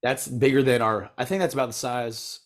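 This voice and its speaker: A young American man chatting casually, telling a rambling story full of "like" and quick laughs. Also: mid-range voice, steady tone. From United States. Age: young adult. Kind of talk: casual chat.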